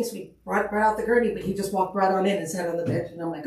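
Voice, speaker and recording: A woman's voice: medium pitch, rapid-fire, noisy background. Woman paramedic telling stories, echoey room. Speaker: paramedic guest. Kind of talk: casual storytelling on a podcast. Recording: echoey room, mic at a distance.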